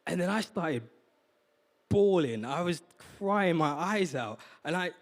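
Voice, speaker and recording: A man's voice: on the high side, animated, slow. A man preaching as a guest speaker, earnest and confessional, often stumbling and repeating words. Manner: heartfelt and confessional. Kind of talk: sermon.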